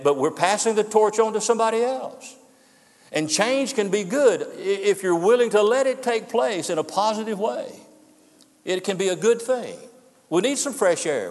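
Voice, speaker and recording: Earnest preaching man in a reverberant church. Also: a little high. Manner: earnest, emphatic preaching with repetitions. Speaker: pastor. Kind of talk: farewell sermon. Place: church sanctuary. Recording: long hall reverb.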